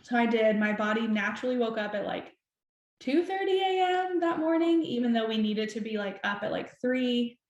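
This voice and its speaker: A woman's voice: on the high side, normal speed, muffled recording. Chatty young woman in a roomy space. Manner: animated, chatty, heavy use of "like". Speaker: podcast guest. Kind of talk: emotional personal storytelling. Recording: roomy echo.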